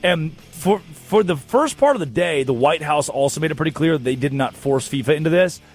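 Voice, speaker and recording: A man hosting a sports talk show, animated and joking, with a somewhat high voice that leaps around as he tells stories. Faint guitar music plays in the background. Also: moderate pace, breathy edge. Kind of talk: casual comedic chat.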